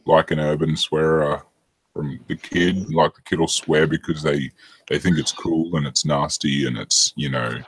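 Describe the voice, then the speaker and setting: A man's voice: extremely low pitch, steady tone, moderate pace, husky, poor audio. A man, rambling in casual chat on a video call and swearing freely.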